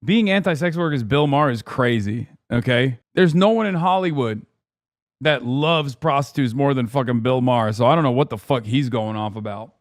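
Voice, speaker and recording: A man's voice: mid-range voice, normal speed. A man hosting a stream, reacting to a clip with casual, profane, exasperated ranting.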